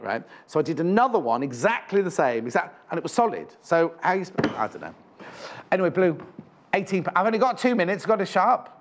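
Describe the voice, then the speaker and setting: A man fronting a live TV shopping show, his voice sitting a little higher than most men's. He chats freely, wanders off on tangents and corrects himself mid-sentence, then comes back to the prices. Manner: chatty, rambling, self-correcting. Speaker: shopping channel presenter. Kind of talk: live TV selling chat. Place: TV studio.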